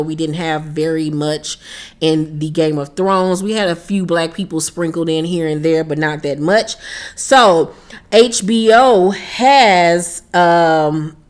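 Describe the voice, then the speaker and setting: A woman vlogger chatting casually to camera, excited and talkative, repeating herself for emphasis. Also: on the low side. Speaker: YouTube vlogger.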